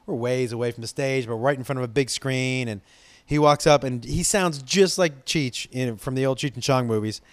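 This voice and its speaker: A man's voice: mid-range voice, normal speed, no echo. A man from Los Angeles telling a casual, rambling story, swearing freely and restarting his sentences as he goes. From Los Angeles, USA. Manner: rambling, profane, excitable.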